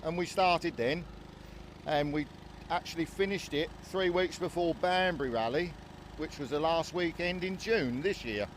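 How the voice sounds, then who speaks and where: A man's voice: on the high side, normal speed, a little hiss or hum. A man who builds organs answers interview questions outdoors at a fair in a plain, matter-of-fact way.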